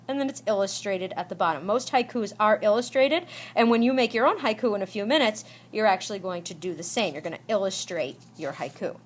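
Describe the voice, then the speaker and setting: A woman teacher giving a recorded lesson to students, explaining slowly and deliberately, checking in often and repeating examples aloud. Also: mid-range voice. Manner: slow, deliberate explaining with frequent check-ins.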